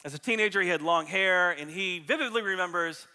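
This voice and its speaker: Guy preaching, bright sharp voice, jokey and animated, big reverb like a church hall. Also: high voice, fairly quick. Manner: animated, jokey, acts out illustrations. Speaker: pastor. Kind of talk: sermon.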